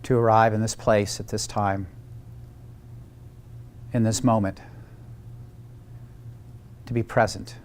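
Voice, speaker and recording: A man leading a guided meditation in a slow, calm manner. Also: on the low side. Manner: slow, calm, unhurried phrasing. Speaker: meditation leader.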